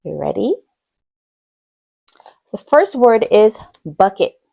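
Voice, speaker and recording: A woman's voice: mid-range voice, very animated, takes it slowly, gravelly, dark tone. A woman teaching young children, reading words aloud in English and Spanish and repeating each one with patient encouragement. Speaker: bilingual teacher. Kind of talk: slow bilingual classroom lesson for young children.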